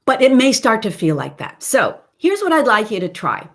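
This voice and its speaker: A middle-aged woman gives a livestream singing lesson, explaining things animatedly and breaking into sung demonstrations. Her voice is on the high side and her speed normal.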